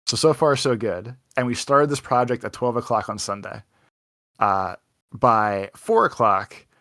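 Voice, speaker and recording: Young dude rambling thru a story on a podcast, lots of "like", dry mic, no room. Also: male voice, medium pitch, a bit bright, dry recording. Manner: rambling anecdote with lots of "like" and quoted dialogue. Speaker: podcast co-host. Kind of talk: casual storytelling chat.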